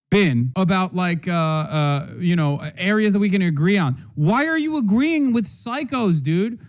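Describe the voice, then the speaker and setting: A man's voice: high-pitched, expressive, unhurried, few pauses. A man hosting a livestream, reacting to political news in a heated, profane, sarcastic rant. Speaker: streamer host.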